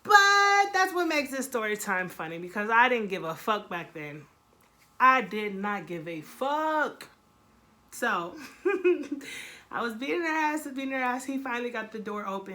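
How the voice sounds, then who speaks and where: Bright-voiced young woman telling a story. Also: mid-range voice, a little slow. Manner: animated, blunt, profane, acts out quotes. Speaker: vlogger. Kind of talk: casual storytime.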